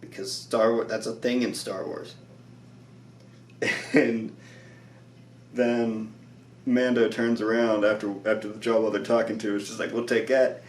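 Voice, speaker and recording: A man's voice: on the low side, flat delivery, measured pace, long pauses, roomy sound, recorded from a distance, a little hiss or hum. A tired man recapping a show episode in a loose, rambling way, with lots of "like" and frequent laughs.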